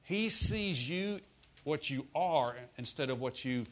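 A man's voice: on the high side, lively intonation, takes it slowly. Folksy male preacher. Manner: folksy, humorous preaching with asides. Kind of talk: sermon.

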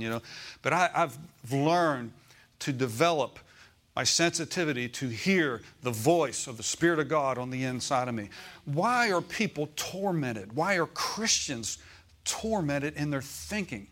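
A man's voice: on the high side, animated, measured pace, fairly bright tone. Conversational male pastor preaching. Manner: conversational preaching, asks the congregation for agreement. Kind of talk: sermon. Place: church.

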